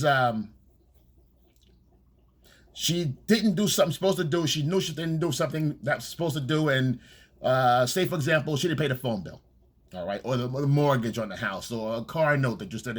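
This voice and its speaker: A man talks through a casual coaching monologue on dating, blunt and peppered with profanity. He keeps checking in with "okay?" and "all right?" between points. His voice sits at a middling pitch with a husky grain. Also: lively intonation, normal speed, pauses often.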